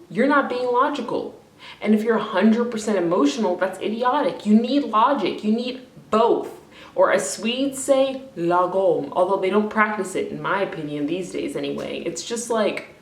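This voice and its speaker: A woman's voice: mid-range voice, reverberant, recorded from a distance. A woman ranting in an emotional vlog, crying, frustrated and rambling, swearing often. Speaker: vlogger.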